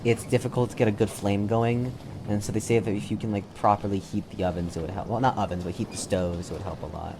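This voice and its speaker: A man's voice: fairly low pitch, steady tone, fast, few pauses, background noise. A man narrating a tabletop game as game master, laid-back, with many fillers and restarts.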